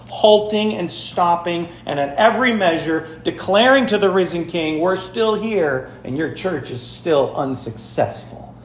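A man pastor giving a sermon, telling stories and speaking straight to his congregation with emphatic, lively delivery. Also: a little high, reverberant, slight background noise. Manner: storytelling, emphatic, addresses congregation directly. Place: church sanctuary.

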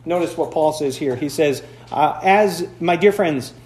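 A man's voice: a little high, unhurried, darkish tone, echoey room. A man from the Upper Peninsula of Michigan, preaching a conversational sermon with playful asides, recorded in a church. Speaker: pastor.

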